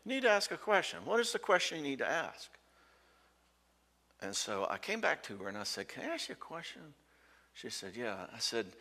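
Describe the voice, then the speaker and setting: A man's voice: mid-range voice, sing-song, a little fast, a bit bright. A man giving a conversational talk at a marriage conference, acting out quoted dialogue and checking in with the audience. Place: church hall. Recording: hall reverb from a church hall.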